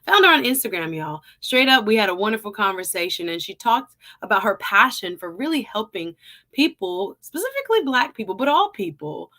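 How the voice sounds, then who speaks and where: A Jamaican-born woman with a light Jamaican accent hosts a casual livestream, greeting viewers by name in a chatty intro. Her medium-pitched voice is sharp in tone, a little fast, and swings widely in pitch.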